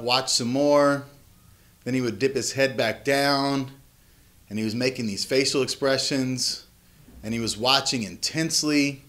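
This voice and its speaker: A man's voice: medium pitch, a bit bright. Earnest father telling a personal story. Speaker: vlog host, father. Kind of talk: reflective personal story to camera.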